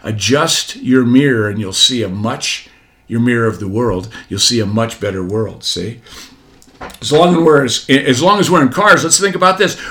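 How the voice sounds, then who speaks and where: A man's voice: medium pitch, normal speed, fairly bright tone. A man in his forties giving a motivational talk, preachy, repeating key phrases and asking rhetorical questions. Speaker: motivational speaker.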